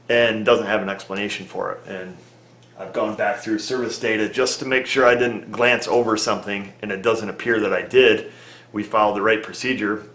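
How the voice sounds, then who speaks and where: Folksy low-voiced mechanic in an echoey room. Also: male voice, a bit bright, slight background noise. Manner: plainspoken, folksy, talks through reasoning aloud. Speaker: auto repair mechanic. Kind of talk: casual talk to camera.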